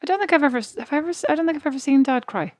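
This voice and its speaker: A woman co-hosting a podcast, telling animated, self-mocking stories in casual chat. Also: sits high, rapid-fire, no room sound, clean studio sound. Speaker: podcast co-host.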